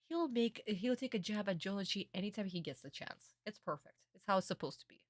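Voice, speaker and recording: A young woman streamer in a casual reaction stream, excitable and gushing, swearing often. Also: medium pitch, a little fast, few pauses, dry recording, studio quality.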